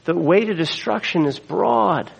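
A man's voice: high voice, lively intonation, a little slow, vocal fry, slightly rough, poor audio. A middle-aged man preaching a sermon, earnest, weaving in scripture quotes and asides. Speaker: pastor.

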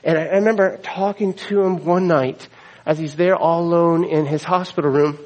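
A man's voice: fairly high pitch, fairly even intonation, normal speed, darkish tone, rough recording. A middle-aged man preaching a sermon, earnest, weaving in scripture quotes and asides. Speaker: pastor.

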